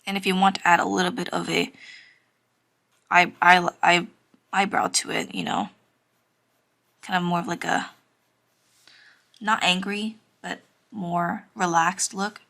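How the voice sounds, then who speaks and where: A young woman talks through a drawing tutorial in a casual, rambling way, full of fillers and shy little laughs. Her voice sits somewhat low and has a bright tone with noticeable vocal fry. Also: level tone, measured pace, long pauses. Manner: chatty, many fillers, giggly and self-conscious. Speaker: drawing teacher.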